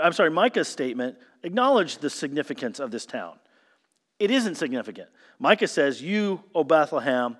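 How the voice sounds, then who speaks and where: A man preaching a sermon, telling the story with emphatic swings from loud stresses to hushed lines. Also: fairly high pitch. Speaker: pastor. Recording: long hall reverb.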